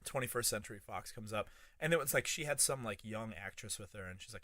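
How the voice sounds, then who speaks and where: A man in his thirties co-hosting a podcast, telling a long anecdote in a casual, profane and animated way. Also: fairly low pitch, fast, dry recording. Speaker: podcast co-host. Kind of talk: casual storytelling chat.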